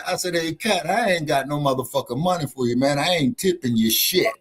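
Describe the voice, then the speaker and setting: A man with a husky, slightly high voice tells a story loosely on a live online show. He swears freely and switches between himself and the people he argued with. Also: normal speed, hardly any pauses. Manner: animated, swearing, acts out both sides of arguments. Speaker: show host.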